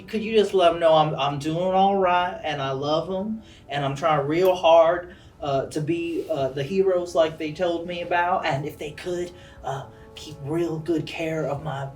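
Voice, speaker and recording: A man's voice: fairly high pitch, natural voice. A man voicing a homesick young halfling in disguise, with a folksy, rambling, bashful way of talking. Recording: distant mic, faint music.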